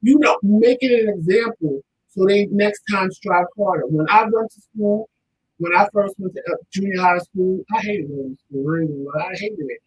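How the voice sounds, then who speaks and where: Male talk show host with a high, slightly husky voice and a casual, emphatic delivery. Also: normal speed, poor audio. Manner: emphatic, repeats points for stress. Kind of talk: casual chat.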